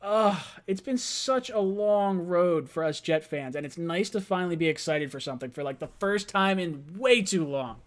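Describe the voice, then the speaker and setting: High-voiced excitable young man ranting. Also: normal speed, few pauses. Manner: excitable, rambling, laughs often. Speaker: livestream host. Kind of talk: hyped live fan show rant. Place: home late at night.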